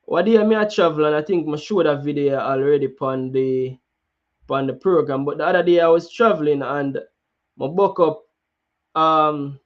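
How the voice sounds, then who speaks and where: The recording is lo-fi, carrying a man's fairly high-pitched voice with a Jamaican accent. He hosts a football talk show in a casual, chatty way, lapsing into patois and making many restarts.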